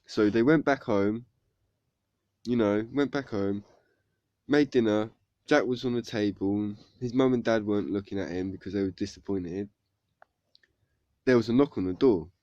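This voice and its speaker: A young man telling a story in a loose, rambling way, full of fillers. His voice is low and dark. The recording is dull, lo-fi and dry. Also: normal speed, pauses often, no echo. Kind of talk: casual storytelling.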